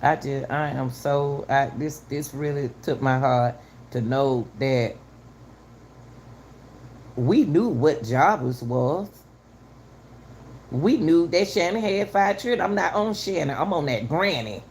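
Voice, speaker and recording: Gravelly, emphatic middle-aged woman. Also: low voice, expressive, slow, long pauses, darkish tone, a little hiss or hum. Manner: emphatic, heated, repeats herself and talks straight to viewers. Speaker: channel host commenting on a news case. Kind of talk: casual commentary.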